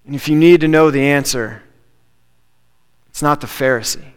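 High-voiced male preacher in a reverberant hall. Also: normal speed, smooth. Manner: conversational preaching, repeats key phrases for emphasis. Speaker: pastor. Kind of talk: sermon. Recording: long reverb of a large hall.

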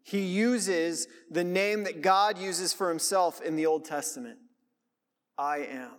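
A man's voice: high voice, slow, fairly bright tone. A man preaching a sermon as pastor, reading scripture aloud and then explaining it in a conversational way. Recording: long reverb of a large hall.

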